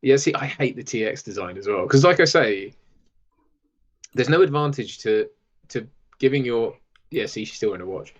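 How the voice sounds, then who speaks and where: A man nitpicking a film in a relaxed chat with a friend. His humour is dry and he laughs readily. He is recorded on a lapel mic. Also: medium pitch, moderate pace, long pauses, dull audio. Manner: wry, nitpicking, laughs often. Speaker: film commentary co-host. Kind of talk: casual watch-along chat. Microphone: lavalier.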